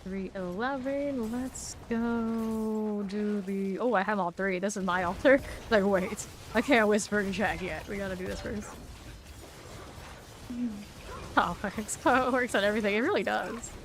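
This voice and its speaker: A woman's voice: mid-range voice, moderate pace, slight background noise. A woman streaming a game live, rambling chattily and laughing often as she plays. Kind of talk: live gameplay commentary.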